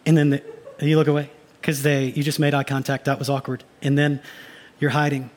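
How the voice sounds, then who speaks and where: A male pastor delivering a sermon in a somewhat high voice. He preaches with animation and now and then slips into mock inner voices to make his point. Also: completely flat delivery, a little fast, darkish tone.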